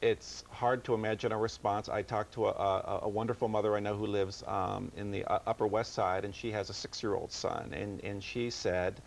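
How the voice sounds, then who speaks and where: Earnest guy author on a tv interview, lowish voice, keeps restarting his sentences. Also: steady tone, creaky, poor audio. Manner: earnest, halting, many restarts. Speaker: author and parenting guest. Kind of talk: TV interview guest.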